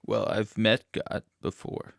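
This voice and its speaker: A man from Indianapolis, a playwright being interviewed, who tells absurd stories in a deadpan, matter-of-fact way. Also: fairly low pitch, takes it slowly, creaky, dry recording, clean studio sound. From Indianapolis, USA. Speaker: playwright guest.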